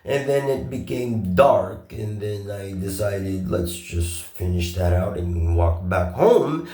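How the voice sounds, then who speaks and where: A man with a fairly low voice speaks slowly through a rambling, profane monologue that keeps turning sarcastic. He stalls on filler pauses over and over. The sound is echoey, as if he is in a bare room. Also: expressive, mellow. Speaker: vlogger.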